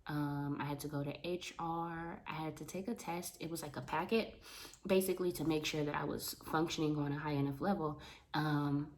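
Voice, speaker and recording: Animated woman with a low voice. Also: normal speed, slight background noise. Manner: animated, talks with her hands. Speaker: vlogger, school paraprofessional. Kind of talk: casual vlog chat to camera.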